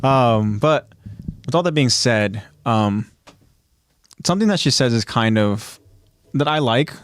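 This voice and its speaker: A man's voice: medium pitch, lively intonation, measured pace, clear, resonant tone. A man co-hosting a casual podcast, retelling scenes step by step and then talking loosely about them. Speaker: podcast co-host. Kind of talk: casual podcast chat recapping an anime episode.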